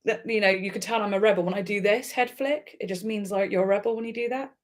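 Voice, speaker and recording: A woman's voice: medium pitch, steady tone, quick pace. Chatty, giggly woman streamer. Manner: chatty and giggly, lots of fillers and restarts. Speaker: livestream host reacting to music. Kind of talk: casual chat with live viewers.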